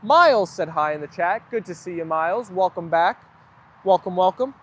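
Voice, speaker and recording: A man with a fairly high voice hosts a relaxed live stream. He keeps up a loose, friendly stream of chatter as he reads out viewers' comments and answers them one by one. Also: moderate pace. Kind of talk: casual live stream chat.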